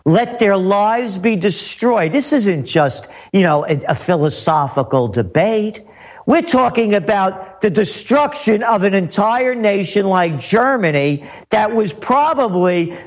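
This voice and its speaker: A man with a high, lively voice that swings up and down as he rants about politics. He hammers his points home, repeats himself, and piles up rhetorical questions. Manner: emphatic, repetitive, rhetorical questions. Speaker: guest commentator. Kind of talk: heated political talk.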